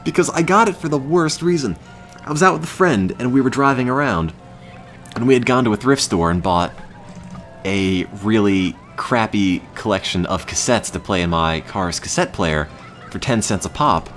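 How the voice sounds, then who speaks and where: Low-voiced deadpan young man. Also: normal speed, faint music behind. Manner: deadpan monotone, with bursts of exasperated ranting. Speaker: streamer. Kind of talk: casual chat on a live stream.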